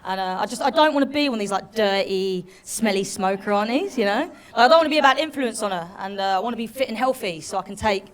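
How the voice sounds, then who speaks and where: A woman from the UK doing a cheeky stand-up set, loud and chatty with the crowd. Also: mid-range voice, animated, fast talker, few pauses. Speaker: stand-up comedian.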